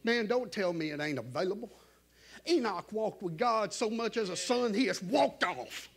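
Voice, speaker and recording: A man preaching a fervent sermon, swinging between shouted climaxes and hushed asides. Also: sits high, expressive, moderate pace, creaky, slightly rough.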